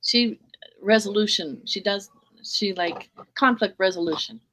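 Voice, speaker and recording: A middle-aged woman telling lively personal stories in a casual group video chat, laughing often. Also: medium pitch, a little slow, noisy background. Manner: animated storyteller, laughs often. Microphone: video call.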